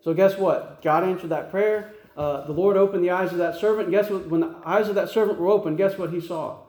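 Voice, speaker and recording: Folksy preacher, echoey room. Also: male voice, high voice, fairly even intonation, brisk, a little mellow. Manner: folksy, repeats words, asks "right?" often. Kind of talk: conversational sermon.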